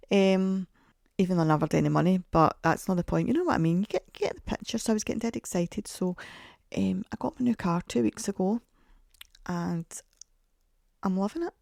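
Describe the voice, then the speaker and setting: Gravelly woman rambling on a podcast. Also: medium pitch, lively intonation, brisk, dark tone, dry recording, clean studio sound. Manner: chatty, rambling storyteller, self-mocking. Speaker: podcast host. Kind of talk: casual podcast monologue.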